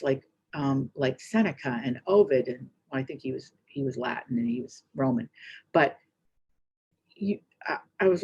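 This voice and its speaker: A middle-aged woman giving a keynote speech, telling a story in a chatty, rambling, animated way with quick asides. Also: on the low side, gravelly, slightly rough, highs cut off. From United States. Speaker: keynote speaker.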